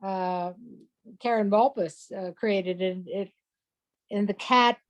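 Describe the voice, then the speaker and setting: A woman hosting a casual interview, speaking softly and haltingly with many pauses and restarts. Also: mid-range voice. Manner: halting, many fillers and restarts, soft-spoken.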